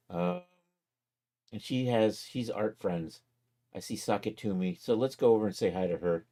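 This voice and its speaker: Easygoing male streamer, low mellow voice, thinks aloud in a casual sign-off chat. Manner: easygoing, thinks aloud while clicking around.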